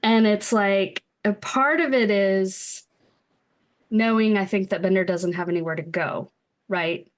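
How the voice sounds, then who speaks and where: A woman's voice: medium pitch, a little slow. Chatty middle-aged woman, laughs often. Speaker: podcast co-host. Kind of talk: casual film discussion.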